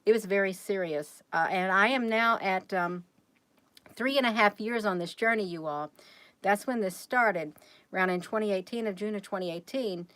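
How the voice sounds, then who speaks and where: A woman's voice: medium pitch, normal speed, a bit bright, no echo. A woman hosting a casual livestream, rambling and chatty as she keeps talking straight to her viewers.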